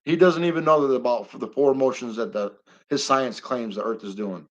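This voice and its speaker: A man's voice: mid-range voice, brisk, lo-fi sound. A middle-aged man hosting a casual live stream, talking bluntly and rambling, getting heated and swearing now and then.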